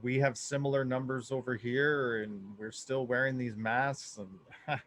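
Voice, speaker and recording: Canadian guy cohosting a podcast, mid pitch voice, lots of ums, sounds fed up. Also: fairly even intonation, a little slow, a bit bright. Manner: frustrated, hesitant with many fillers. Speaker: podcast co-host. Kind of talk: casual chat.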